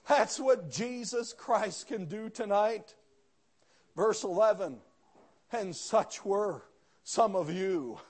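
A pastor preaching a sermon, telling a story with quoted dialogue and rising to fervent outbursts. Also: male voice, high-pitched, lively intonation, takes it slowly, pauses often, darkish tone.

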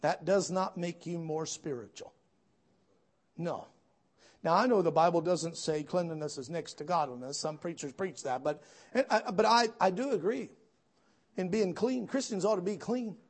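A man preaching a sermon, telling folksy stories with asides to the congregation and building to loud, emphatic peaks. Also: high-pitched, moderate pace. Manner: storytelling, swells to shouts at climaxes.

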